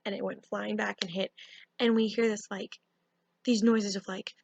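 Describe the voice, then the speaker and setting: Creaky young woman telling a story. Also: medium pitch, normal speed, no room sound, lo-fi sound. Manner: animated, lots of fillers like "like" and "um". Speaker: vlogger. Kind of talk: casual storytime.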